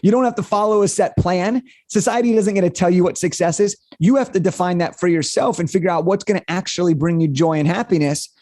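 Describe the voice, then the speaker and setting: A young man, a guest on an interview podcast, telling a personal story in an energetic, animated way. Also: high-pitched, quick pace, few pauses, no echo, studio quality.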